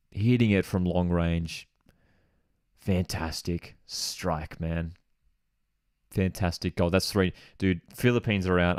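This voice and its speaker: A man hosting a live football watchalong, reacting to goals with excitement and chatting to viewers as he reads their comments aloud. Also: deep voice, clean tone, no echo, studio quality.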